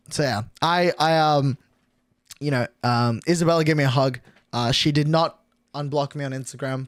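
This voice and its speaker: A man's voice: on the high side, a little slow, long pauses, a bit bright, dry recording, clean studio sound. Young streamer man with a crude ranting style. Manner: crude, swears a lot, lots of "like" fillers. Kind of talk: casual storytelling to stream chat.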